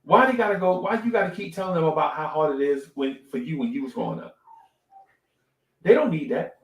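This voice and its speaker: Animated middle-aged man, echoey room. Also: fairly high pitch, brisk. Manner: animated storytelling, repeats phrases, says "right?" often. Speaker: podcast co-host. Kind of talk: casual live-stream talk.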